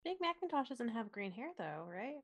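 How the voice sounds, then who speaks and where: A woman guest in a casual chat, soft-spoken and amused. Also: fairly high pitch, sing-song, moderate pace.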